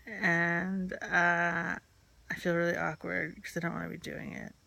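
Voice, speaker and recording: A woman's voice: fairly low pitch, flat delivery, measured pace, vocal fry, sharp tone, no room sound. A woman telling a candid personal story, rambling and filled with "like" and "um".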